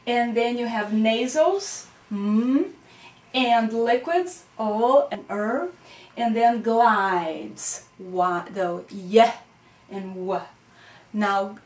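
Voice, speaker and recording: A woman teaching a recorded phonetics lesson, explaining patiently and checking in with "okay?" and "right?". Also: on the high side.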